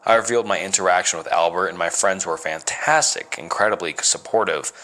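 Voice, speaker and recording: A man reading a first-person horror story as narrator, measured and dramatic. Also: deep voice, sharp tone.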